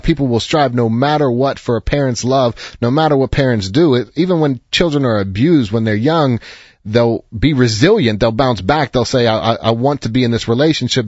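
A man's voice: mid-range voice, no room sound, highs cut off. Earnest man giving advice. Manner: earnest, reassuring, with storytelling. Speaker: advice show host. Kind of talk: counseling advice to a caller.

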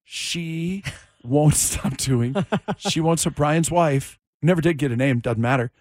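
A man hosting a morning radio talk show, animated and jokey, quick to laugh. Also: a little high, no room sound, studio quality.

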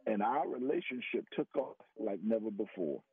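A man's voice: animated, normal speed, husky, no room sound. Man telling his testimony over a phone line. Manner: earnest storytelling, rises in pitch for emphasis. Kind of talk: personal testimony. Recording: tinny phone-line radio audio.

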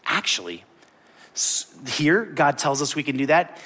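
A man preaching a sermon, animated and jokey, acting out quotes as he tells a story. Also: on the high side, a little slow. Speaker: pastor.

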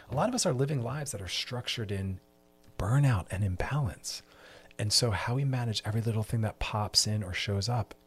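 A man's voice: lowish voice, breathy edge. A man hosting a mental health podcast, talking passionately and preachily, with emphatic repetition. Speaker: podcast host.

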